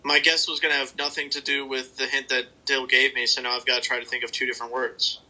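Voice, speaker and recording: A man's voice: medium pitch, little pitch movement, fast talker, sharp tone, poor audio. A young man co-hosting a sports podcast, laid-back and wry in casual banter. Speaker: podcast co-host.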